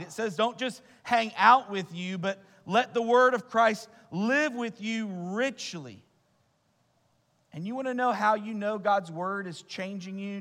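High-voiced preacher in a reverberant church. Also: male voice, fairly bright tone. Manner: earnest, rhetorical questions, repeats words. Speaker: pastor. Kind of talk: sermon. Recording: long reverb of a church hall.

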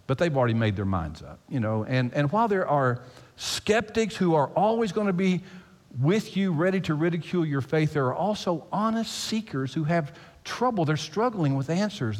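A man preaching a sermon as pastor, emphatic and animated, repeating phrases for effect. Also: fairly high pitch, moderate pace. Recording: long hall reverb.

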